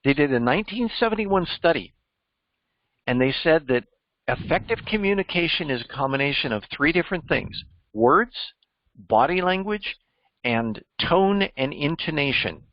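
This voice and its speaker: A man's voice: mid-range voice, lively intonation, measured pace, no echo, dull audio. A man mentoring a group on job interviews, emphatic and teacherly, quizzing his listeners as he goes. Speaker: cybersecurity mentor. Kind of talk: coaching discussion.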